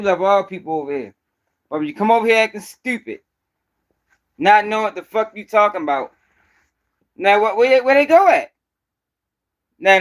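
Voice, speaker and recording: In heated live-stream commentary, the host of a news commentary channel gets confrontational, speaking in a high-pitched voice. He's profane and slangy and keeps repeating himself.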